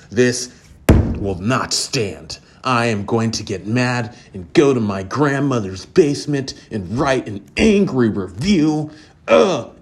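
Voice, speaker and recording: A man's voice: lowish voice, slight background noise. A man voicing a whiny, self-important male fan who rants from his grandmother's basement, in a pompous, indignant way.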